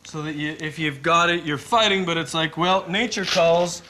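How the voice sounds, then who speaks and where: A man with a high voice runs a mock interview on a comedy morning show. He asks absurd questions in a playful, straight-faced way. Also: steady tone, a little fast, sharp tone. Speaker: co-host.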